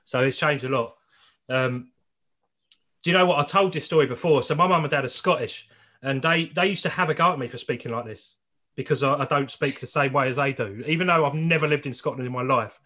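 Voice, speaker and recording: Bright, chatty man. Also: medium pitch, a little fast. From southeast England. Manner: chatty, repeats words, laughs easily. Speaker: podcast host. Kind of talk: casual podcast chat.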